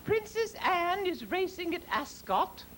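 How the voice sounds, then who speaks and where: A man doing a high, haughty camp queen. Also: very animated, unhurried, bright, forceful tone, slight background noise, heavily acted. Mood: cutting. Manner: grand, imperious, camp, with sudden drops into a low voice. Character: haughty aging female queen, grand and catty. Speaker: drag comedian. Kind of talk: stand-up drag impression.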